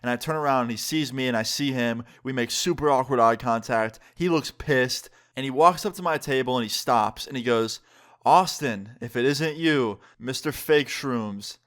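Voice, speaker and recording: A man's voice: mid-range voice, a little fast, hardly any pauses, fairly bright tone, clear, resonant tone. A young man casually narrating a storytime on his vlog in a laid-back, slangy way. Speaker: vlogger.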